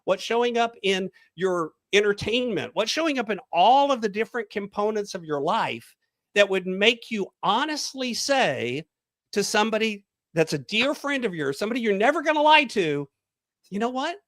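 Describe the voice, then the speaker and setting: A man's voice: high voice, big pitch swings, normal speed, a bit bright, dry recording. A man, a coach, guest on a podcast interview, leading a guided visualization in a storytelling manner.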